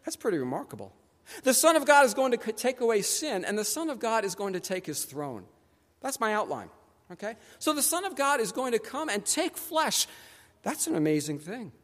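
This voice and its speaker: A man delivers a sermon with a high, animated voice that leaps across a wide range. He speaks conversationally and puts on quick voices for the people in his story. A long reverb trails behind him in the church. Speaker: pastor. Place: church sanctuary.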